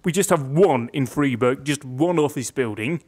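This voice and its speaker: A man's voice: medium pitch, moderate pace, a little mellow. A young man casually commenting on a game he is playing, reading its text aloud with dry jokes and puns. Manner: wry, jokey, reads game text aloud with quips. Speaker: gaming YouTuber. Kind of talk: casual let's play commentary.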